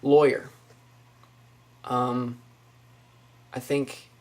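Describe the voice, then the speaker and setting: Slow-talking young woman, Northwest Florida accent. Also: rumbling low, a little mellow. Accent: Northwest Florida Southern US. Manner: musing, says each test word then comments on it. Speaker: vlogger. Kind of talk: casual accent-tag video. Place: small apartment indoors.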